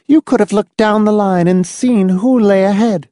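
A woman voicing a prim, controlling schoolteacher type, speaking in a dry, dispassionate, calmly insistent tone. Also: mid-range voice, moderate pace, dry recording, close to an everyday voice. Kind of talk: audiobook dialogue reading.

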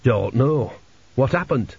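A man's voice: mid-range voice, expressive, slow pace, gravelly, a little mellow, breathy edge, no echo, full character voice. A man voicing a gloomy, shaken chief embalmer who mutters wearily, in a lo-fi audiobook recording. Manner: muttering, weary.

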